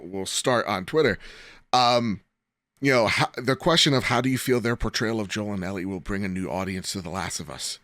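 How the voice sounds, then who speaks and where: A young man co-hosting a casual podcast, talking in an animated, rambling way and laughing often. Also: mid-range voice, no room sound, studio quality. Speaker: podcast co-host.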